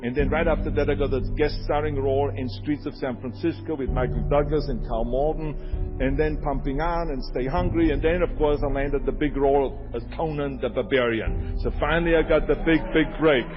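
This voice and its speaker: A man's voice: a little high, steady tone, brisk, muffled recording. Older Austrian man with a strong accent, delivers an emphatic motivational speech in a raised voice over a music bed. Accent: Austrian German. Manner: emphatic, repeats lines for effect. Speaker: motivational speaker.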